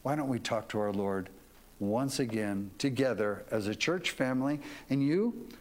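A man's voice: mid-range voice, animated, normal speed. A man preaching a sermon as pastor, folksy and leading the congregation to repeat lines after him.

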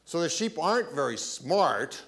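A man preaching a sermon, asking rhetorical questions and often clearing his throat. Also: fairly high pitch, very animated, normal speed, fairly bright tone. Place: church.

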